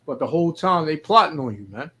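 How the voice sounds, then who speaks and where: High-voiced man reading scripture casually. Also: animated, pushed and bright. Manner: reads Bible verses slowly, then comments in loose street talk. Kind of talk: casual chat about scripture and life.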